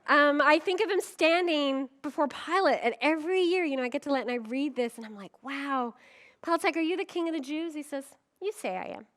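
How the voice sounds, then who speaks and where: A woman's voice: high voice, fairly quick, fairly bright tone. A middle-aged woman pastor giving a conference sermon, telling stories with humor and acting out quoted voices. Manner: humorous, with frequent laughs.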